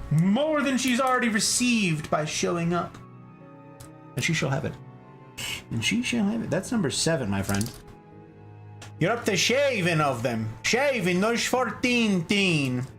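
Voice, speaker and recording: A goofy, slangy man chats through a plant livestream, his voice pitched a bit high and swooping all over the place. He keeps sliding into silly catchphrases, with faint music playing behind him. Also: fairly bright tone. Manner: slangy, lots of "like" fillers. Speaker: streamer hosting a plant stream. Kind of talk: casual livestream chat.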